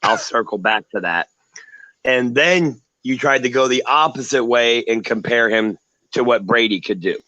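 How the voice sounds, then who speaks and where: A man's voice: medium pitch, moderate pace, sharp tone, dry recording. A man joining a sports talk show over a video call, ranting like a showman with mocking flair. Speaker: guest commentator. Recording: dull lo-fi call audio.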